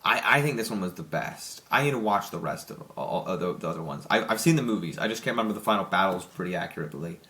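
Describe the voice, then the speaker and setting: A young man giving a casual, rambling spoken movie review, excited and full of restarts and fillers. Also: deep voice, fast talker, hardly any pauses. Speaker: film reviewer.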